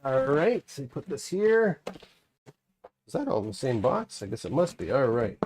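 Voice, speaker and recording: A man's voice: mid-range voice, sing-song, moderate pace, a little mellow, a little hiss or hum. A middle-aged man from Canada hosting a casual live stream, chatting in a rambling way and reading comments aloud. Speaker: livestream host unboxing graded comics.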